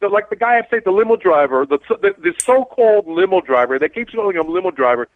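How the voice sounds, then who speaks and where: A man's voice: sits high, expressive, fast, dry recording. A man, a cab driver hosting a talk radio show, blunt and rambling as he tells stories. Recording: tinny phone-like dry sound.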